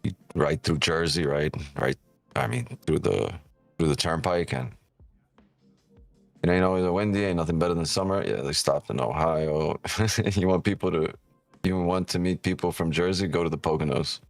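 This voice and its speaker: A man's voice: low-pitched, moderate pace, gravelly, dry recording, faint music behind. A man hosting a live trading stream, joking and teasing viewers in casual, profane banter. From New York.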